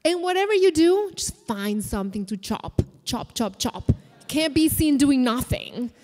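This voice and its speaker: A man's voice: extremely high pitch, big pitch swings, unhurried, darkish tone, heavily acted. A woman voicing a bossy male TV producer, giving clipped, insistent orders on stage in an echoey hall.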